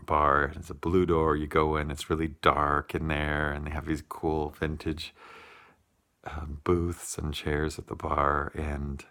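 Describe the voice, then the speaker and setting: Very deep gravelly man, heartfelt. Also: little pitch movement, bright, forceful tone. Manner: heartfelt, unhurried, with many pauses and fillers. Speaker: vlogger. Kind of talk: personal storytelling vlog.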